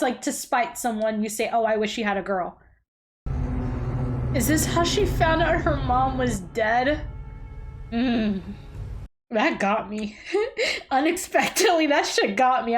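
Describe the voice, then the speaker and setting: Her voice fairly high and the audio carrying slight background noise, a woman gives casual reaction commentary directly to the screen. She is blunt and emotional, cursing freely, gasping, and exclaiming often.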